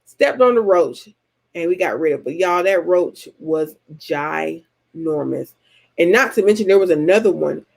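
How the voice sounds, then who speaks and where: Gravelly-voiced Southern woman chatting. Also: fairly low pitch, normal speed. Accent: Southern American. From Georgia, US. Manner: animated, colloquial storytelling. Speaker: vlogger host answering subscriber comments. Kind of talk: casual chat.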